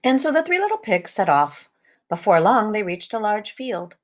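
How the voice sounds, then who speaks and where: A woman reading a children's storybook aloud, with lively sound effects and rhythmic repetitions. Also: mid-range voice, moderate pace.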